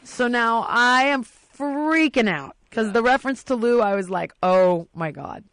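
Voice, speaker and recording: A woman's voice: on the high side, a little slow. A woman telling a story in casual podcast talk, acting out the quotes with lots of energy. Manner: animated, acts out quotes.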